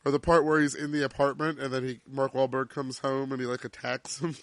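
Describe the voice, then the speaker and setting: A man's voice: medium pitch, level tone, a little fast, no room sound. A man co-hosting a casual podcast chat, telling crude movie stories with laughter. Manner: laughing, profane storytelling. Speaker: podcast co-host.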